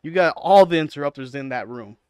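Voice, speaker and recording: A man's voice: a little high, brisk, clean tone, no room sound. A man casually commenting on podcast clips in a teasing, chatty way, full of fillers. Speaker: reaction commentator.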